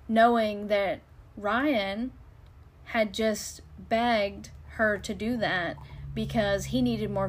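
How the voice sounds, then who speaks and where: A woman co-hosting a casual chat, recapping a movie in a chatty way with frequent laughs. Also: mid-range voice. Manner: chatty, laughing often, many fillers. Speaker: co-host reviewing a movie.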